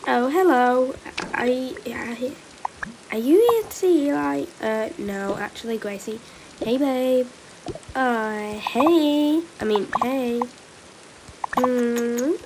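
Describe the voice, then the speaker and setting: A woman's voice: fairly high pitch, slow pace. A young woman voicing a playful doll-game family skit, switching between character voices, with rain noise behind. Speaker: roleplay video maker.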